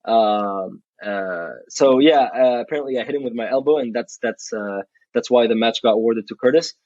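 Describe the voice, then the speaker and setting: Telling a story as a guest in a casual interview, a young adult college athlete speaks bluntly, swears freely, and restarts his sentences a lot. His voice is mid-range and a little mellow at a moderate pace, recorded dull and dry with no room sound.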